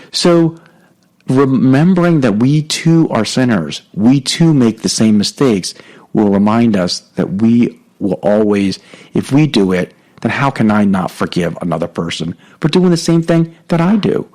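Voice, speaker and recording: A middle-aged man hosting a podcast, giving a casual, halting talk on faith with many fillers and restarts. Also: mid-range voice, lively intonation, a little mellow, poor audio. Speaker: podcast host. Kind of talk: spoken teaching on faith.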